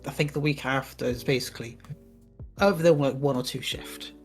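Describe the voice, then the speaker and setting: A man's voice: mid-range voice, fairly quick, soft background music. A young man co-hosting a casual podcast, rambling with fillers about his work. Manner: rambling, lots of fillers, quotes people. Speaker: podcast co-host. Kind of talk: casual chat.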